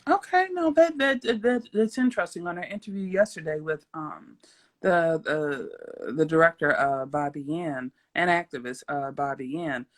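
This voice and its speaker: A woman's voice: low voice, expressive, moderate pace. A young adult woman hosting a casual livestream interview, playful and rambling, breaking into giggles and silly sound effects. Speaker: host.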